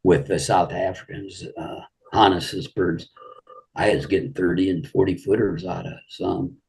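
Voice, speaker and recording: Deep, husky older man telling stories. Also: level tone, a little slow, darkish tone. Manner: rambling anecdotes full of "you know". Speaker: guest. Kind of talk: casual storytelling interview.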